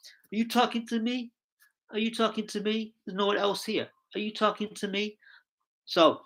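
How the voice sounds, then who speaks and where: A man's voice: a little high, sharp tone. An English man chatting casually on a live stream, rambling cheerfully and talking to his viewers in the chat. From England. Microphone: streaming setup mic.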